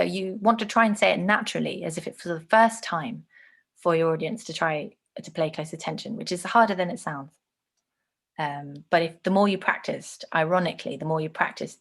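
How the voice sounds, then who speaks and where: Gravelly low-voiced woman teaching. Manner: explanatory and conversational, with frequent ums. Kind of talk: online lesson on speech delivery.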